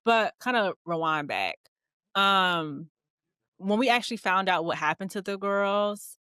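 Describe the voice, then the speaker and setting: A woman co-hosting a podcast, chatting in an animated, expressive way and acting out quotes. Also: mid-range voice, a little slow, clean tone, no room sound. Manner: animated, expressive, laughs often, acts out quotes. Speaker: podcast co-host. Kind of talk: casual chat.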